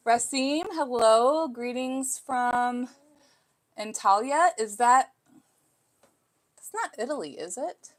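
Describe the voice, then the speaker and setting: A woman's voice: a little high, lively intonation, slow pace, pauses often. Chatty mother folding laundry. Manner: chatty and self-reflective, with frequent fillers. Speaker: live stream host. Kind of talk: casual live chat reading comments. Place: home.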